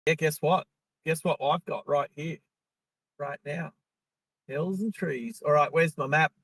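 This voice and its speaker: Man, high voice, rambling live-stream chat from the car, dry close sound. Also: fairly even intonation, unhurried, fairly bright tone, dry recording, low-quality recording. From Australia. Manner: rambling and chatty, talking to viewers. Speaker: live-stream driving host. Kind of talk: casual live-stream chat while driving. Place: inside a car on the road.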